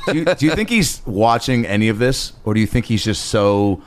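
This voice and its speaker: A man co-hosting a podcast, laid back and asking quick questions. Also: on the low side, sing-song, a little hiss or hum. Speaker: podcast co-host. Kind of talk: casual chat.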